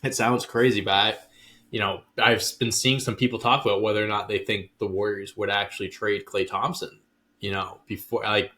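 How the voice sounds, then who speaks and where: A man's voice: lowish voice, flat delivery, moderate pace, bright, forceful tone. A man co-hosting a sports podcast, talking casually and bluntly, often restarting his sentences. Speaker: podcast co-host.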